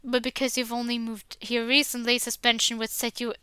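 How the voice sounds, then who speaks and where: A stern, formal older headmaster scolds in measured, lecturing sentences, as a woman reads his part. The tone is bright and crisp, close and dry, as in a visual novel reading. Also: fairly high pitch, little pitch movement, no room sound. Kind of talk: visual novel read-aloud.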